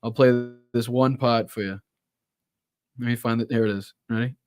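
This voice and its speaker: A man hosting a political livestream, talking casually and rambling with lots of swearing and quick apologies. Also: medium pitch, fairly even intonation, darkish tone, no echo, clean studio sound. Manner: profane, rambling, apologetic asides. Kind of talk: casual live commentary.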